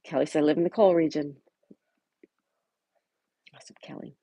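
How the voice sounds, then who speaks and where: A woman with a low, husky voice hosts a relaxed livestream, reading out viewers' comments and greeting them one by one. The sound is dry and close, with no room echo. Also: normal speed. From Buffalo, New York. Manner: greets viewers by name and chats back warmly. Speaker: livestream host. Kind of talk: casual live chat, reading viewer comments aloud.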